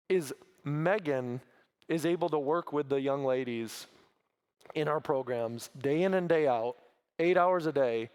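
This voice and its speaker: A man's voice: medium pitch, clean tone. A man speaking at a church as a guest from a mission, earnest, with many fillers and restarts. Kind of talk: sermon talk.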